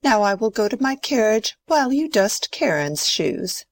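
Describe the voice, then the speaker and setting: A woman's voice: medium pitch, sing-song, moderate pace, no echo, close to an everyday voice. A woman playing a strict old grandmother. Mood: scolding. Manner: stern, scolding. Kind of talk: amateur play reading.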